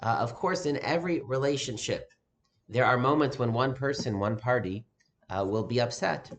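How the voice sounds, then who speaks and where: There's a little background noise as a male rabbi gives a sermon in an even, mid-range voice. His delivery is measured, and he often pauses with "uh" between phrases.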